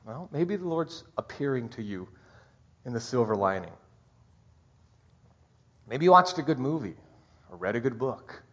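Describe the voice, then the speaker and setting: A middle-aged man preaching a Christmas sermon as pastor, heartfelt and halting, his voice catching with emotion. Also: mid-range voice, sing-song, fairly bright tone, breathy edge. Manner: heartfelt, halting, tearful at times. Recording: dull muffled recording.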